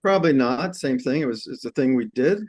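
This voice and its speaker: A man speaking as a guest in a casual panel conversation, relaxed and full of fillers. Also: mid-range voice, fairly quick, dry recording.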